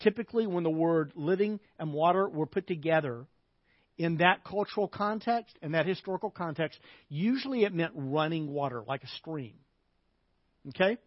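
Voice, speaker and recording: Chatty high-voiced male pastor. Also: animated, moderate pace, dry recording. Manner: conversational, frequent "okay?" check-ins. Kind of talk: sermon. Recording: slightly dull, dry sound.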